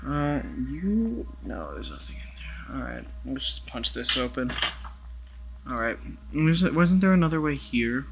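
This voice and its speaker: Gravelly young man narrating VR play. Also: mid-range voice, very animated, a little slow, heavy background noise. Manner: rambling, swears casually, talks to the game characters. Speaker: gaming YouTuber. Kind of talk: casual VR gameplay commentary.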